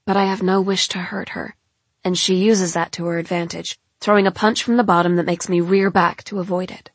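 Female audiobook narrator, husky and breathy, dry close sound. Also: on the low side, little pitch movement, no room sound. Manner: measured, dramatic storytelling. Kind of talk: first-person novel narration.

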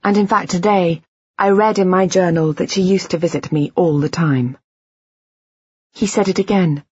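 Woman narrator, very breathy husky voice, low, measured first-person reading, dry slightly dull recording. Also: a little mellow, no room sound. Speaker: audiobook narrator.

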